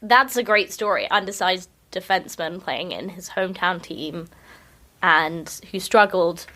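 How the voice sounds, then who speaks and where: A woman's voice: lowish voice, a little slow, pushed and bright. A woman with a non-Canadian English accent co-hosting a hockey podcast, chatty and self-deprecating. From outside Canada. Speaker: podcast co-host. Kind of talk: casual chat.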